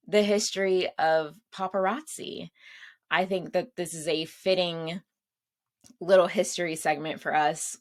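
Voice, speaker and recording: A woman's voice: fairly low pitch, fairly bright tone. A woman hosting her own show, chatting casually and laughing at her own asides. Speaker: podcast host. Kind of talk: casual solo chat.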